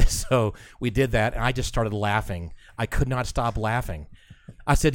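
A man co-hosting a podcast, telling an excitable, animated story in casual chat on a close mic. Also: mid-range voice, normal speed. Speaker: podcast co-host.

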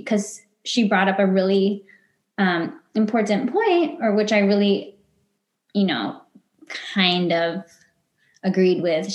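A woman, a podcast guest, telling a personal story in conversation and acting out her past self and others in quoted lines. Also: mid-range voice. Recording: roomy echo.

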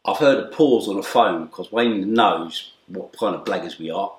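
A man's voice: low voice, normal speed. A middle-aged man telling a story as an interview guest, acting out the voices and swearing casually. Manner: acts out quoted voices, swings from loud shouts to hushed asides; streetwise, swearing, repeated "right?". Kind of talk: animated storytelling. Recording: echoey room.

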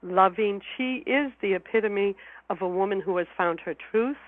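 A woman's voice: medium pitch, moderate pace, no echo. Emotional woman telling her story as a guest, sounds like a phone call, repeats herself. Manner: heartfelt, emotional, repeats words. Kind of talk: personal storytelling in an interview. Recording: phone line.

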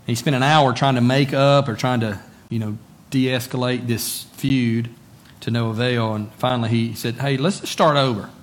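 Here a pastor delivers a sermon as if chatting, asking rhetorical questions and repeating words to drive points home. He speaks at a normal pace in a mid-range voice with a flat delivery.

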